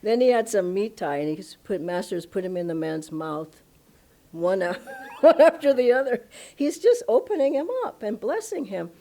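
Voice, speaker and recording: Animated woman telling spiritual stories. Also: medium pitch, normal speed. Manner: animated, emphatic storytelling, laughs often. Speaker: spiritual teacher. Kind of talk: storytelling satsang talk. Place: ashram satsang hall.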